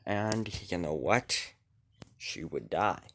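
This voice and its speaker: Man, low voice, slow pace, improvised casual story narration, rambling with restarts. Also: expressive, slight background noise. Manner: rambling, with frequent restarts and self-corrections.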